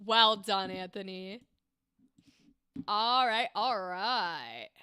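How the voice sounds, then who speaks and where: A woman's voice: medium pitch, very slow, sharp tone, clear, resonant tone, no echo, clean studio sound. A woman hosting a livestream, reviewing voice acting auditions with enthusiastic, gushing praise. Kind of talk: casual livestream commentary.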